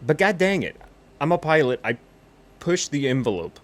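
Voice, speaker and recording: A man's voice: a little high, big pitch swings, moderate pace. A man rambling through a cocky, boastful comedy monologue as a pilot character in a flight game.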